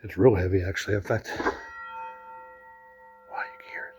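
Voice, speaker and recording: A man's voice: sits low, fairly even intonation, moderate pace, noisy background. A man chatting casually as he tours a lodge room, rambling with lots of fillers and restarts. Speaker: vlogger touring a lodge. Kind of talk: casual walkthrough narration.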